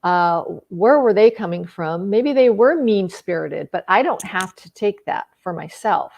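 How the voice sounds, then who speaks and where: A middle-aged woman coaching on relationships in a relaxed, talky monologue, with a voice of middle pitch. She acts out the quoted lines of the people in her stories and often stumbles and restarts mid-sentence. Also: unhurried, creaky. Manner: acts out quoted dialogue with lively shifts in voice; repeats words and restarts often. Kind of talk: casual monologue to an audience.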